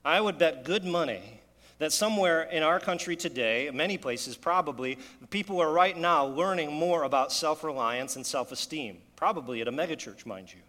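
A man's voice: a little high, animated, normal speed, bright, forceful tone, long reverb tail. A man preaching a sermon in an earnest, conversational way, often asking his listeners rhetorical questions. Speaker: pastor.

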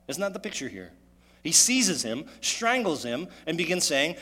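A man preaching a sermon, animated and full of rhetorical questions, his voice echoing in a church hall. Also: a little high, moderate pace. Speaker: pastor.

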